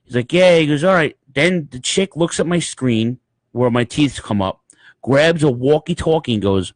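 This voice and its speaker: A man co-hosting a podcast, telling a story in casual chat, profane and animated, acting out the people in it. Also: on the high side, normal speed, dry recording. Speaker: podcast co-host.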